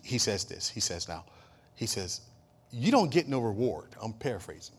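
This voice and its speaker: A man preaches a sermon in church, his mid-range voice carrying a breathy edge. He moves from quiet asides to shouting for emphasis, joking and trading call-and-response with the congregation.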